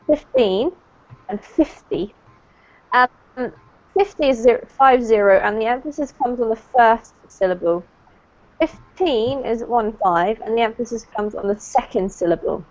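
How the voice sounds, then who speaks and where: A British woman teaching English to a small group over a video call, explaining pronunciation patiently and encouraging her students. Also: fairly high pitch. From United Kingdom. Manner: encouraging, explains slowly and clearly. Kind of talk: online group lesson. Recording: dull lo-fi online call audio.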